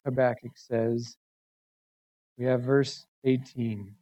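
A man's voice: fairly high pitch, unhurried, pauses often, darkish tone. A male pastor preaching a sermon, emphatic and building intensity through lists and rhetorical questions.

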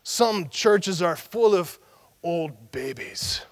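A man putting on the voice of a fiery old Irish preacher with a thick Northern Irish accent, booming rhetorical questions. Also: expressive, drawn-out words, full character voice. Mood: scolding.

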